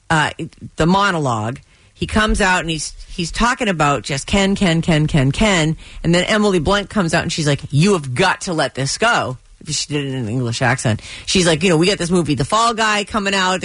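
A woman's voice: low voice, no echo. A woman radio host chatting casually on air, recapping a comedy show with exasperated asides.

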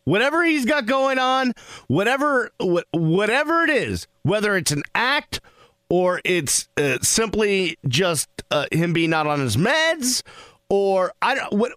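A man hosting a call-in sports radio show, animated and rambling with laughter. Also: sits high, dry recording.

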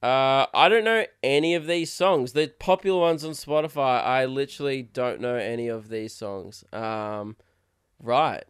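A man's voice: mid-range voice, measured pace, smooth. A young man hosting a solo podcast, rambling crudely and laughing often. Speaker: podcast host. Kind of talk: casual solo podcast rant.

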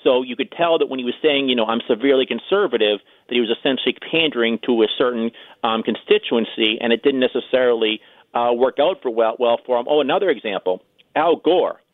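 A man's voice: medium pitch, fast, dry recording. A man speaking as a guest on a radio show over the phone, chatty and full of fillers as he tells stories. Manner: chatty, storytelling with many fillers. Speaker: guest political author. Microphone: telephone. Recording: tinny phone line.

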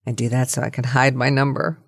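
A woman's voice: rumbling low, little pitch movement, fast, background noise. A middle-aged woman hosting a cold-call podcast, chatty and playful, laughing often and nervous about calling strangers. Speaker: podcast host.

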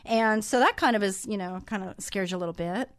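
A woman radio host chatting through a personal story in a lively, animated way, acting out the lines of the people in it. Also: medium pitch, brisk, no room sound, clean studio sound. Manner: chatty, animated retelling with quoted dialogue. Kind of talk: casual storytelling monologue.

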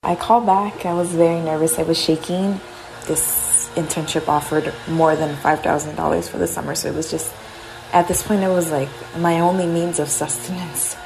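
A woman's voice: sits low, steady tone, normal speed, creaky, background noise. Young woman's candid audio diary, roomy. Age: young adult. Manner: candid, conversational, openly emotional. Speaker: college student keeping an audio diary. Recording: roomy echo.

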